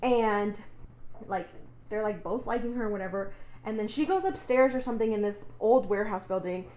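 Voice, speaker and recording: Her voice is mid-range and mellow, at a moderate pace, recorded in an echoey room. As a podcast co-host, she loosely recounts a book plot in casual chat, rambling along with plenty of filler words and curses.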